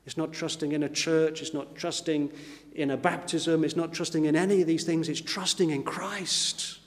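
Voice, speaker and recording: Man preaching a sunday sermon, kinda high voice, long echo in the church. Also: steady tone. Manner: earnest preaching, slows down to quote scripture. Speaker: pastor.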